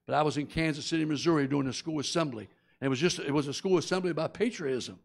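A man's voice: on the high side, very fast, creaky. A middle-aged man preaching a sermon, telling a folksy story and acting out its characters before turning earnest and confessional. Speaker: guest preacher.

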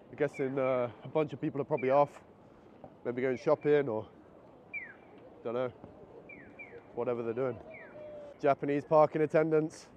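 Slightly high-voiced, a man vlogs on a handheld camera as he walks around the city and stops at a convenience store, chatting with excitement and thinking aloud. He's a little out of breath. Muffled street noise runs under the camera audio.

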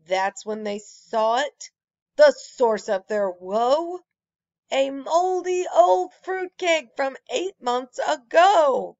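A woman reading a rhyming children's picture book aloud with an expressive, rhythmic delivery. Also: high voice, slow pace, no echo, muffled recording. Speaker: storyteller.

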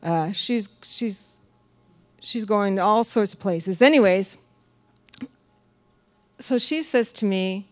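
A woman giving a personal testimony at a church service, telling her story in a lively way, laughing often and acting out what others said. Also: medium pitch, takes it slowly, long pauses, no echo. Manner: animated storytelling, laughs often, quotes others in acted voices. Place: church sanctuary.

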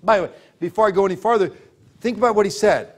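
A man's voice: sits high, fast talker. A man preaching a sermon as pastor, emphatic and full of rhetorical questions, laughing as he tells stories.

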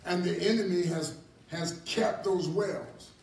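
A man preaching a Bible class in a church hall, animated and repetitive, often chuckling. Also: high voice, slow, vocal fry. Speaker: apostle teaching a ministry class. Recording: echoey hall from far off, faint noise.

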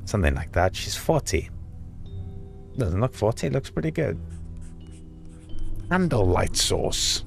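Sarcastic deep-voiced gamer. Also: male voice, very animated, vocal fry. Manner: sarcastic, swearing, reads aloud haltingly. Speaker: let's play host. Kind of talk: gaming commentary. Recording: game music behind.

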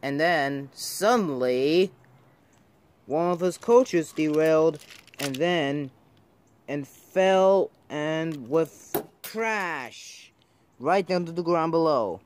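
Slow, halting storyteller man. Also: fairly high pitch, animated, a little hiss or hum. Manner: slow, halting, many restarts. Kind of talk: reading a homemade train story.

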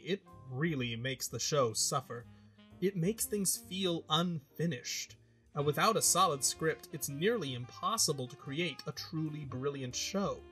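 A man's voice: on the high side, a bit bright. A man hosting his own show, narrating a scripted review with an emphatic, opinionated delivery.

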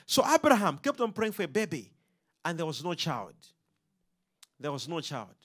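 A man preaching a sermon to a congregation, animated and full of call-and-response questions. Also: fairly high pitch, normal speed, slightly rough.

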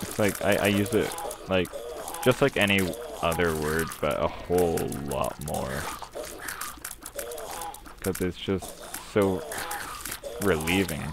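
Young male gamer, low gravelly voice, unhurried, swears freely, noisy home recording. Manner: rambling, swears a lot, filler-heavy. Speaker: gaming commentator. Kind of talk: casual gameplay commentary.

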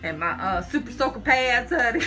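Woman, live-stream seller on a phone; high, sharp, folksy, keeps saying honey and child. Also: expressive, moderate pace, soft background music. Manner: chatty, folksy, says "honey" and "child" constantly; jittery, talks through nerves. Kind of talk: casual live-stream chat.

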